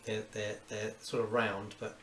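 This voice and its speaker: Man with a Kent accent, unhurried, rambling live-drawing chat, faint room ambience. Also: lowish voice, completely flat delivery, a bit bright, a little hiss or hum. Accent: Kent English. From Kent, England. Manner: rambling, mutters to himself, little exclamations. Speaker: cartoonist streaming live. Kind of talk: casual chat while drawing. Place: home, cooking dinner while drawing.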